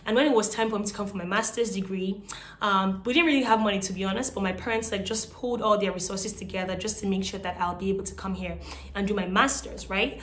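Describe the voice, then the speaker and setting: A woman's voice: mid-range voice, very fast, a little hiss or hum. A young woman from Nigeria with a Nigerian accent, casually telling her own story to the camera in a chatty way, with many fillers. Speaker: vlogger.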